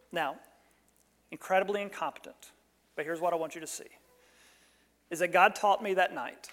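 A male pastor, likely in his thirties, telling a personal story in a sermon with animated delivery that jumps loud on quoted lines. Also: high-pitched, moderate pace, pauses often, long reverb tail.

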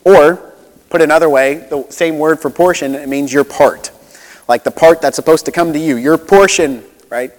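Conversational pastor in a reverberant hall. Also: male voice, fairly high pitch, normal speed. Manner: conversational, relatable, with many asides and restarts. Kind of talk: sermon.

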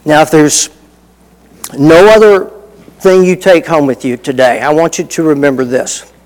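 A man's voice: a little high, normal speed, darkish tone, long reverb tail, rough recording. A middle-aged man preaching a sermon in a folksy, conversational way, telling personal stories with asides. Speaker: pastor.

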